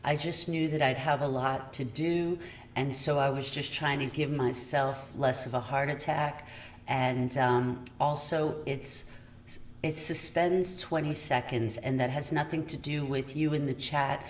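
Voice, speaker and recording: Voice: mid-range voice, steady tone, measured pace. Chatty livestream host in an echoey room. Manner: chatty and apologetic, often checking the audio. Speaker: true crime channel host. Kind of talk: casual livestream chat. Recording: echoey room audio, distant mic, faint noise.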